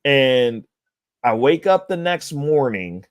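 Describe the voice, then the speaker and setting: A man's voice: medium pitch, takes it slowly, no echo, studio quality. A man telling crude, rambling stories on a livestream, laughing often. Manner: profane, laughing, animated storyteller. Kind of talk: casual storytelling chat.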